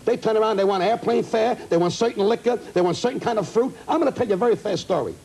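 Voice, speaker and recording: A man's voice: high voice, creaky, darkish tone, a little hiss or hum, low-quality recording. A man, a comedian, complaining indignantly in a heated talk show interview. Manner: indignant, ranting, rapid-fire complaints. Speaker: comedian guest. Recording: old broadcast audio.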